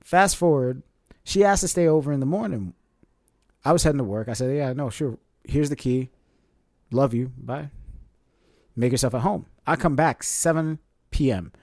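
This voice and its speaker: A young man co-hosting a podcast, telling a story in a casual, animated way and laughing often as he acts out what people said. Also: mid-range voice, moderate pace, pauses often, no room sound, clean studio sound. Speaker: podcast co-host.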